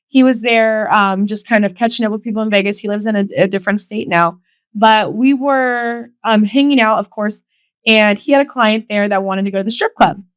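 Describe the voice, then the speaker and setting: A woman's voice: mid-range voice, no echo. A young woman hosting a solo podcast, telling personal stories candidly and emotionally, swearing freely and acting out quotes. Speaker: podcast host. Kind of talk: casual solo podcast storytelling.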